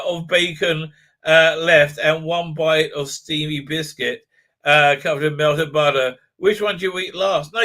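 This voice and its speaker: A man with a fairly high pitch and a bright, forceful tone runs a casual live stream. His delivery rambles, packed with filler words, false starts and plenty of laughs.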